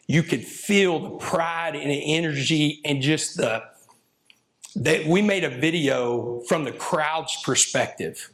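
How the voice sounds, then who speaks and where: A man speaks to an audience as a football coach. His voice sits a little high for a man. He talks in a folksy, rambling way and lets his emotion show. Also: fairly bright tone. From Texas. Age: 50s. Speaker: football coach giving a talk. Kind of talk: speech to an audience.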